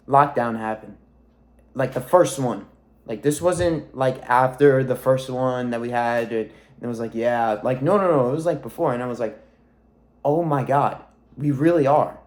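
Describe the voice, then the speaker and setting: A man's voice: medium pitch, darkish tone. Rambling, cussing young man. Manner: rambling, swears a lot, reflective. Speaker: weight-loss coach vlogger. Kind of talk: casual monologue to camera.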